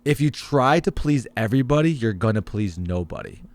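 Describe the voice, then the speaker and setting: A young man guesting on a podcast, talking rapidly in casual chat and dropping into a mock-serious low voice for jokes. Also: lively intonation, dry recording. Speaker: streamer guest.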